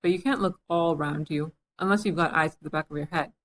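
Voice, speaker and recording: A woman's voice: deep voice, fairly quick, a bit bright. A woman voicing a tart old sheep shopkeeper.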